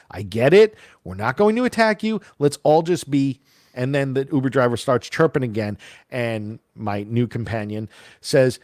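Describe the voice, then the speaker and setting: A man co-hosting a podcast, telling a long story in a casual, animated way and acting out the voices of the people in it. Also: medium pitch, moderate pace, no echo, studio quality. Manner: animated, acts out quoted voices. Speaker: podcast co-host.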